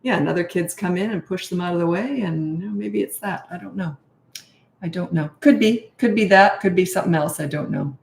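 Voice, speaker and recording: A woman's voice: lowish voice, a little fast, vocal fry, a little mellow, echoey room. A middle-aged woman, a parenting coach, chatting and rambling casually on a live-stream Q&A, self-deprecating.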